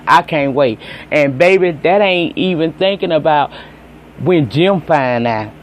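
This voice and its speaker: A man's voice: fairly high pitch, expressive, a little slow, slight background noise. A man with a Southern accent casually recapping a TV episode, chatty and profane, talking straight to his viewers. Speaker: TV episode reviewer.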